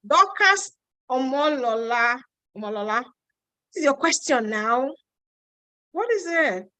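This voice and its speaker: Nigerian woman with a Yoruba accent, live webinar host, high voice, chatty and emphatic, dry close sound. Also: very animated, bright, forceful tone, dry recording, rough recording. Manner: chatty and emphatic, repeats points, answers questions with quick asides. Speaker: host answering viewer questions. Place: home in Ontario.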